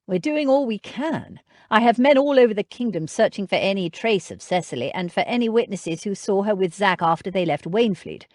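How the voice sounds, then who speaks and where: A woman voicing a reserved, grim gentleman in an audiobook. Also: medium pitch, animated, dry recording, clean studio sound, natural voice. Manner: grim, measured.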